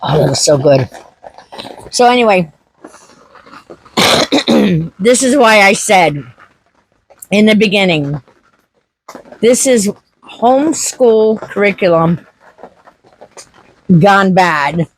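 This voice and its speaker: A woman's voice: medium pitch, lively intonation, slow pace, pauses often, a little hiss or hum, poor audio. A woman homestead vlogger chatting casually to camera, telling a story with acted-out quotes.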